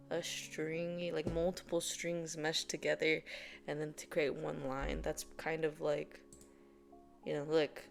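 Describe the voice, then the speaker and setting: A woman chatting casually as she explains things to her viewers, rambling through fillers and laughing often. Her voice sits a little low, with faint music in the background. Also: gravelly. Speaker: video host.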